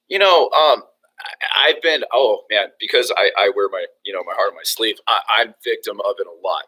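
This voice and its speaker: A young man coaching real estate agents in a lively motivational talk. His voice is bright and sharp, and he restarts sentences often with lots of ums and you-knows. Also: lowish voice, moderate pace, husky, rough recording. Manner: energetic, acts out phone calls, many fillers and restarts.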